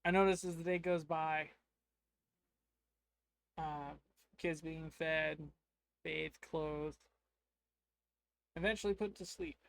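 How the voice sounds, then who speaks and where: A man's voice: on the high side, steady tone, slow, creaky, pauses often, smooth. Casual man telling a game tale. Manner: rambling, playful, acts out lines. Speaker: streamer recounting a game. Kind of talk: casual tabletop storytelling to chat.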